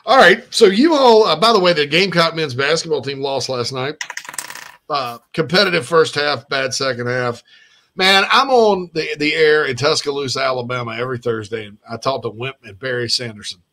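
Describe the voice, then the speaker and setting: A man hosts a casual sports chat, his voice bright and slightly high. He rambles through stories, restarting often and laughing along the way. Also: moderate pace. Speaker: sports podcast host.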